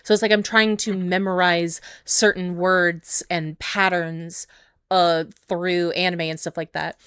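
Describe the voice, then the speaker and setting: A woman's voice: on the low side, level tone, measured pace, fairly bright tone, clean tone, no room sound, studio quality. A woman from Canada hosting a podcast over a video call, talking casually with many fillers. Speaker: podcast host.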